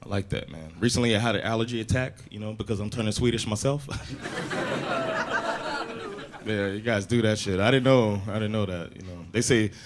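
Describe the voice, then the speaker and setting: A man doing a stand-up comedy set, telling animated stories and slipping in Swedish phrases and big impressions. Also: on the low side, quick pace, hardly any pauses. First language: English. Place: comedy club stage before a live audience. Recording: live club recording with audience laughter and noise.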